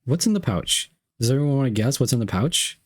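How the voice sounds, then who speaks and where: A man's voice: mid-range voice, expressive, brisk, slightly rough. A young man streaming live, reading chat messages aloud and unboxing gifts, playful and repeating himself.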